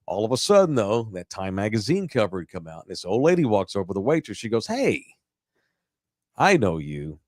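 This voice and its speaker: A man's voice: lowish voice, quick pace, hardly any pauses, no echo, clean studio sound. A man, co-hosting a podcast and telling stories with lots of cursing and acted-out quotes. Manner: animated storytelling, acting out quotes, profane. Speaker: podcast co-host. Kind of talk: casual chat.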